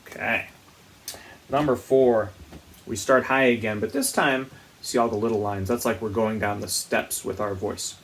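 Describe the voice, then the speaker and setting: Speaking at a moderate pace in a steady tone, a man gives young kids a gentle, patient music lesson, demonstrating vocal slides with high singing. There's slight background noise.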